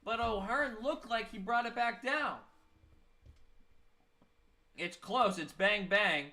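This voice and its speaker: A man's voice: sits high, animated, slow, bright, forceful tone. A young man giving casual live baseball play-by-play, tired and yawning, with self-mocking asides between the calls. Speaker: play-by-play streamer.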